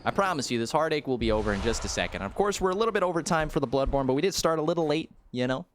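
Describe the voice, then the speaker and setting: A man's voice: medium pitch, a bit bright, a little hiss or hum. A young man from the United States giving rambling, jokey live-stream commentary, full of fillers, as he plays a game.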